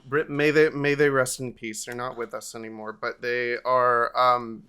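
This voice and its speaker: A man hosting a podcast, telling a family holiday story in a casual, animated way. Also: mid-range voice, moderate pace, clear, resonant tone. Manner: animated, lively anecdote telling with swearing. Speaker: podcast host.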